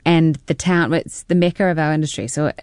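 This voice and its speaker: Woman, 40s, New Zealand accent, lowish register, chatty guest, laughs through her anecdotes. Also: fairly even intonation, a little fast, a little mellow, clean tone, dry recording, studio quality. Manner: chatty, laughs often, tumbling storyteller. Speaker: actor guest. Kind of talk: casual interview chat.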